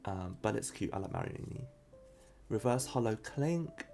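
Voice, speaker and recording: This card-opening streamer has a lowish, darkish voice with vocal fry, animated and at a moderate pace, over soft background music. He talks through his pulls live and reads the chat out loud. He laughs a lot and trips over names whose pronunciation he isn't sure of.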